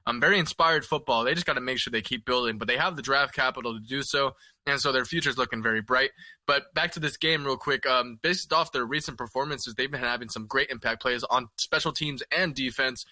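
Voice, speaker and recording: A man co-hosting a casual sports chat, thinking out loud in a calm, measured way with plenty of fillers. His mid-pitched voice is sharp and forceful, and the recording is close and dry with no room sound. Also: dry recording. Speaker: podcast co-host.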